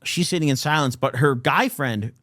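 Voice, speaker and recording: A man's voice: medium pitch, moderate pace, dry recording, studio quality. A young man hosting a podcast, telling a story in casual chat and animatedly acting out the people in it. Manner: animated, acts out quotes with swearing. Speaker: podcast host.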